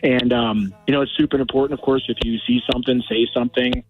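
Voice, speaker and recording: A man's voice: medium pitch, fairly even intonation, music in the background. Emotional male caller on a tinny phone line. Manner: emotional, earnest, halting. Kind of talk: call-in radio talk.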